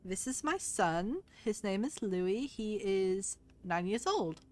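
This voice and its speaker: A woman voicing a calm, proud young father who speaks slowly and plainly. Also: mid-range voice. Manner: slow, plain statements.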